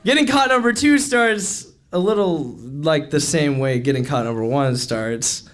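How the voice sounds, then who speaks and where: A young man telling a comic story on stage at a live event, animated, laughing often and filling his talk with "like". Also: fairly high pitch, unhurried. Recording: noisy live event recording.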